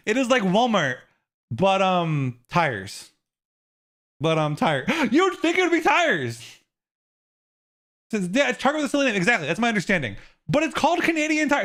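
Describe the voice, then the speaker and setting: A man chatting casually on a game stream, rambling from thought to thought. His voice sits a little high and swings widely, leaping into squealing outbursts and mock outrage, then sinking into low, trailing mumbles. He swears freely. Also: a bit bright. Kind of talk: casual livestream chat while gaming.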